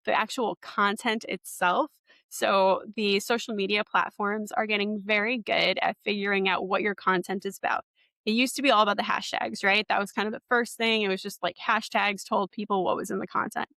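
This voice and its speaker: A woman's voice: medium pitch, steady tone, brisk, gravelly, bright, forceful tone, no room sound. A young adult woman hosting a webinar, teaching in a casual, encouraging way with many fillers. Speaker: podcast host and marketing coach.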